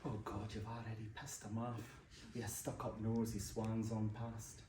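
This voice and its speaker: A Scottish man giving a live poetry reading, with an animated, dramatic delivery. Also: lowish voice, normal speed, background noise. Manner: animated, dramatic delivery with big swings in loudness. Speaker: poet reading his work. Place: library event room. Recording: roomy hall sound from a distant mic, faint ambience.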